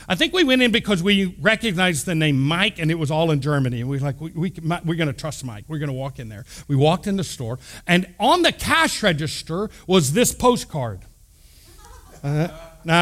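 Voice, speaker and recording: A middle-aged man from Texas, a pastor telling stories in an animated, conversational sermon with lively asides. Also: on the high side. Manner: animated, acts out quoted voices, conversational asides. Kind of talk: storytelling sermon.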